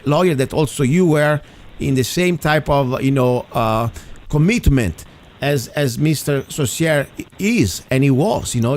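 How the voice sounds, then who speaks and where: A man hosting an interview show, speaking earnestly and haltingly, with frequent restarts and fillers. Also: on the high side, a little hiss or hum. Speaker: interview host. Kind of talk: opinionated talk show monologue.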